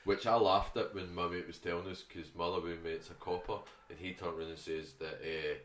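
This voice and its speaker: Glaswegian man, low bright voice, sweary, slightly distant, echoey room. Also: fairly even intonation, a little fast, a little hiss or hum. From Scotland. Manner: blunt, sweary, grumbling. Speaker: podcast co-host. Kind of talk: casual football chat.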